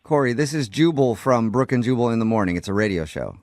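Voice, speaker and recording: A man hosting a morning radio show, joking with deadpan banter. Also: medium pitch, quick pace, no echo, clean studio sound. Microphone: studio mic.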